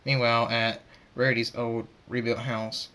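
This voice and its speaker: A man reading an amateur fan story aloud in a middling voice. He reads in a halting way, with frequent stammers and restarts. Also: mid-range voice, little pitch movement, bright, forceful tone. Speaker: narrator.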